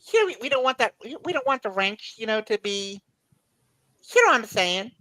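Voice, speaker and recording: A woman's voice: on the high side, lively intonation, moderate pace, a bit bright, dry recording, rough recording. A woman chatting casually as a guest, talking freely and often repeating and restarting her words. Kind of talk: casual chat.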